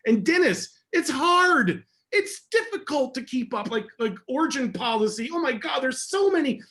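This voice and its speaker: A man, a security educator, answering questions in a casual online session with energetic, emphatic talk. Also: very high voice, moderate pace.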